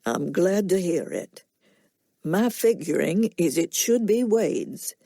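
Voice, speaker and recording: A quietly stern Southern farmer, as a woman narrator puts him on, talks in a slow, nasal drawl with a low, mellow tone. His words are plainspoken and unhurried. The reading is close and dry. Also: animated, vocal fry, no room sound, heavily acted. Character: slow, soft-spoken middle-aged Southern farmer man. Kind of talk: audiobook character reading.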